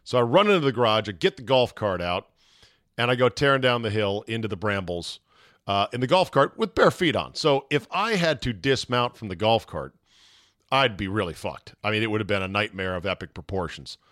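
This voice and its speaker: A middle-aged man hosting a podcast, telling a story in a casual, animated way, swearing now and then and acting out his own yelling. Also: fairly low pitch, brisk, no echo, studio quality. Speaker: podcast host.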